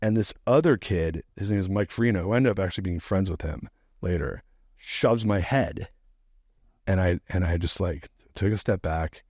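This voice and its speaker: A middle-aged man telling a profane, animated story as a podcast guest, laughing now and then. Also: deep voice, normal speed, dry recording, studio quality. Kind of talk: casual storytelling.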